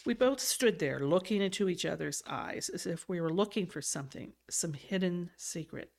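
Low gravelly-voiced woman reading a novel. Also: moderate pace. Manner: expressive reader with small slips and self-corrections. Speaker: podcast host reading a novel aloud. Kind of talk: audiobook-style reading, then casual chat.

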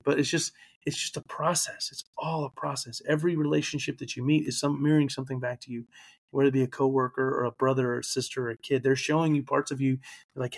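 A podcast guest in his thirties, with an ordinary mid-range voice, tells his personal story. He comes across as open and earnest, reflective, and now and then emotional.

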